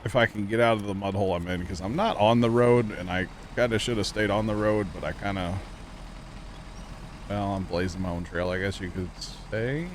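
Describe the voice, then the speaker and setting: A man's voice: fairly low pitch, steady tone, brisk, slight background noise. A man hosting a gameplay livestream, chatting and joking with viewers and teammates. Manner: chatty, jokey, talks to viewers. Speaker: livestream host. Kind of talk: casual gameplay chat.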